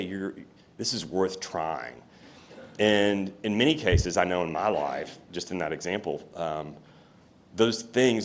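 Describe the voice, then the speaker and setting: A man telling candid, reflective stories as a guest at a fireside chat before an audience. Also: deep voice. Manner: candid, reflective storytelling with restarts. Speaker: company CEO, guest speaker. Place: room with an audience.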